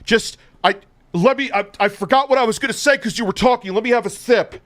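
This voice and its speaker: A man's voice: very high voice, fairly quick, a bit bright, no echo. A man hosting a live stream, ranting with heavy profanity and biting sarcasm. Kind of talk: heated live-stream rant.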